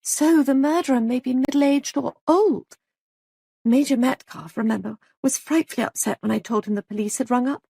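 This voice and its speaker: A woman voicing an anxious young wife who pleads urgently and raises her pitch. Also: moderate pace, gravelly, mellow, no echo, clean studio sound.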